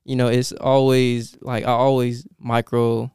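A young man, a dental assistant, telling a story in a casual interview, animated and laughing, with many fillers and restarts. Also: mid-range voice, unhurried, smooth, no room sound, studio quality.

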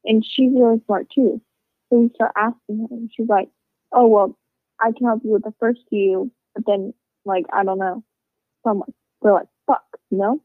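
A woman with a slightly high voice rambles through a casual story, cursing freely and piling on fillers. The sound is thin and phone-like, with a dry, close feel and no room echo. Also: fairly even intonation, moderate pace. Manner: rambling, swears a lot, with lots of fillers.

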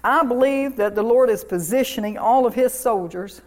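A woman's voice: a little high, normal speed. A woman pastor preaching a sermon, fervent and declarative, repeating commands and affirmations with restarts.

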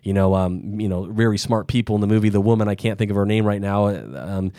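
This fast-talking Midwestern man has a fairly low, dark voice with a level tone, captured dry and at studio quality. Hosting a casual podcast interview, he rambles through long sentences as he thinks aloud, restarting repeatedly.

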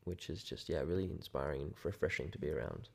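A man's voice: very deep voice, quick pace, vocal fry, darkish tone, breathy edge. A man with an Australian accent, a podcast guest who talks in a laid-back, enthusiastic way and drops slang. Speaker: guest, aerial filming business owner. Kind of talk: casual chat.

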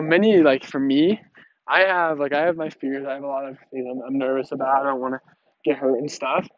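A man in his early twenties vlogs casually in a mid-range voice, rambling with many fillers and restarts and laughing often. The recording is dull, lo-fi, and dry, with no room sound.

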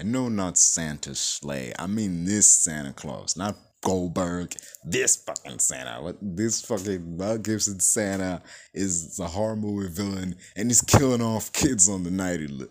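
Male reviewer host: low voice that swings wide, cursing and rambling with excitement. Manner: excitable, profane, full of "like" and "you know". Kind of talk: casual spoken movie review.

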